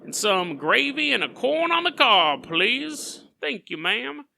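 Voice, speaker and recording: A man's voice: very high voice, very animated, slow pace, vocal fry, slight background noise, voice pushed up, exaggerated voice. A man playing a cranky old diner in a white suit. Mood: politely ordering. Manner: loud, cursing outbursts. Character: cantankerous old man in a white suit, furious about food.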